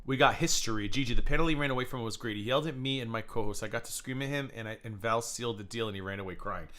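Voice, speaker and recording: A man's voice: medium pitch, rapid-fire, bright, forceful tone. A man hosting a livestream, talking casually in a gossipy, mocking way as he reacts to clips. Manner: gossipy, mocking, laughs a lot. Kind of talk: casual commentary stream.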